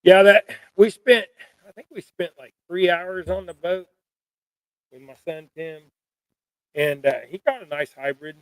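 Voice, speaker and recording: On a rough-sounding, low-quality recording with no room sound, a middle-aged fishing host speaks in a high voice, a little slowly and with frequent pauses. He keeps up folksy, self-deprecating, rambling chat on his live stream as he ties jigs at home.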